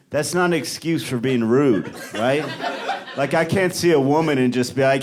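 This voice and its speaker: A male stand-up comedian performing a live set, animated and jumping into high shouted voices for the people in his stories. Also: moderate pace, background noise. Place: comedy club stage before a live audience. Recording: live club recording with loud crowd laughter. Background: audience laughter.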